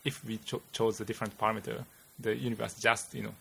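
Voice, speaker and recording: A man with a Japanese accent, a physicist guest explaining theory in casual chat, halting and searching for words. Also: on the low side, little pitch movement, vocal fry, fairly bright tone, a little hiss or hum. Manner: halting, many "you know" fillers, searching for words.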